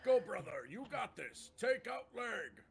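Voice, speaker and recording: A man's voice: on the high side, animated, moderate pace, crowd noise, lightly acted. A man voicing a simple half-orc brawler who talks in broken, caveman-style grammar. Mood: blunt.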